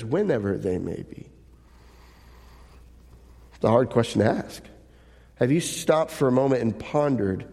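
A pastor giving a sermon, reading scripture aloud and asking the congregation rhetorical questions in an earnest way. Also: male voice, mid-range voice, darkish tone, in a large hall. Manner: earnest preaching with rhetorical questions, occasional light laughs.

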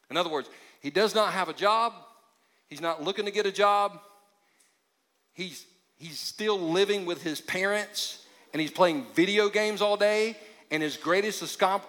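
A man preaches a sermon in a loose, joking way, his voice sitting a little high. He drops to a quiet hush to stress a point. The long reverb of a large church hall trails behind every word. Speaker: pastor.

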